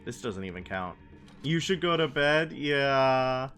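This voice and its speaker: Faint music plays behind a young man streaming a game, his medium-pitched voice lively in intonation, fairly bright, and slow-paced. He rambles casually and reads out and responds to messages from his chat.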